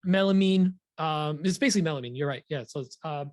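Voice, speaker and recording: A man co-hosting a podcast in casual chat, rambling and relaxed, with lots of fillers. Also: a little high, fast, no echo. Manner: relaxed, rambling, laughs easily. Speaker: podcast co-host.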